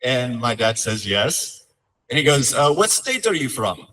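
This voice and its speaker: A man's voice: mid-range voice, very animated, unhurried, sharp tone, far from the mic, a little hiss or hum, rough recording. A young man speaking as a son at his father's memorial, telling heartfelt stories with light humor. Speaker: son giving a eulogy. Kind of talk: memorial eulogy storytelling.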